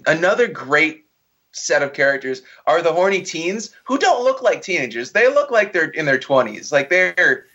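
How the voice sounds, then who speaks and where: A man's voice: fairly high pitch, big pitch swings, moderate pace, pushed and bright, dull audio. A man co-hosting a casual podcast, ranting profanely and mockingly about a bad movie. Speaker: podcast co-host. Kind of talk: casual movie review chat.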